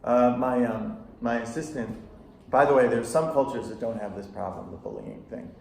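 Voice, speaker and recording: A middle-aged psychotherapist talks to a room of parents in a gravelly, creaky voice. He tells stories with animation and acts out the quotes. The room is echoey, with a faint hum of ambience. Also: mid-range voice, normal speed. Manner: anecdotal, animated storytelling with acted-out quotes and laughter. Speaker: psychotherapist leading a parent workshop. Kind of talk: casual workshop talk to parents. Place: school room with audience.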